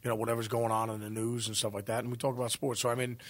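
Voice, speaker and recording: A man's voice: mid-range voice, flat delivery, racing, a bit bright. A man in casual interview chat, rambling and swearing freely, laughing as he tells stories. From New Jersey. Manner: rambling, profane, laughs often. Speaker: guest musician.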